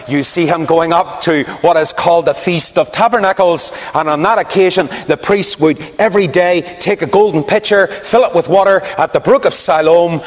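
A man preaching a sermon, telling a story dramatically, swinging from hushed asides to crying out. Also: a little high. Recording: long hall reverb.

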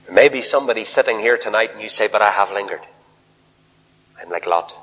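A man preaching a fiery revival sermon in a large church hall, swinging from shouted appeals to hushed near-whispers. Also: fairly low pitch, a little fast.

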